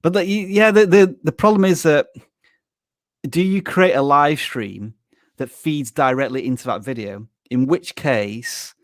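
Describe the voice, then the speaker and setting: A man's voice: a little high, a little slow, no echo, clean studio sound. A man from Yorkshire with a Yorkshire English accent, co-hosting a live Q&A chat in a frank, opinionated way. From Yorkshire, England. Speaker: co-host.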